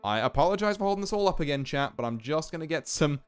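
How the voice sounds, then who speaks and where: A man's voice: on the high side, expressive, quick pace, smooth, faint music behind. A young man streaming a game, chatting casually with self-mocking, swearing asides. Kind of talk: casual chat while gaming.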